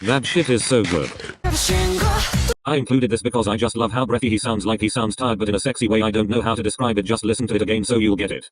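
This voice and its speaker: A young man giving casual, excitable reaction commentary as a fan, swearing often and gushing. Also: on the low side, rapid-fire, few pauses. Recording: loud music under voice.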